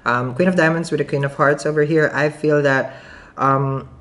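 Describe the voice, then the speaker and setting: A woman's voice: low voice, fairly even intonation, moderate pace. Giggly woman reading tarot, foreign accent. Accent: non-native English accent. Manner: chatty, giggly, thinks aloud with many restarts. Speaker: tarot reader. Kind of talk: casual tarot reading to camera.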